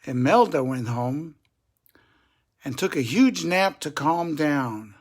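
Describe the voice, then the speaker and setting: An older man, a grandfather, gently and chattily reading a children's picture book aloud to kids. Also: fairly high pitch, lively intonation, slow. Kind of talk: children's story read-aloud.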